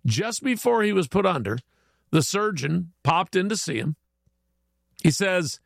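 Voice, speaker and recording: Upbeat, chatty male morning radio host, a raised gravelly voice, dry studio sound. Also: high voice, lively intonation, moderate pace, a bit bright, no room sound. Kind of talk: casual radio chat.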